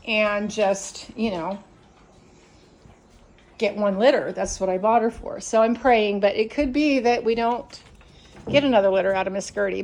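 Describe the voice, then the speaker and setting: Woman, dog breeder, casual vlog, frustrated ranting, heavy swearing, outdoor deck. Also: mid-range voice.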